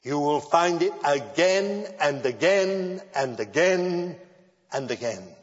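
A man preaching a sermon in a measured style that builds to emphatic declarations. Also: a little high, expressive, slightly rough. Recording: dull lo-fi sound with long hall reverb.

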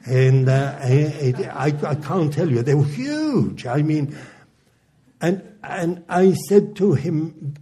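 Husky preacher, lively storytelling. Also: male voice, on the high side, slow. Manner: animated, chuckling storyteller. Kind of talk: sermon testimony storytelling.

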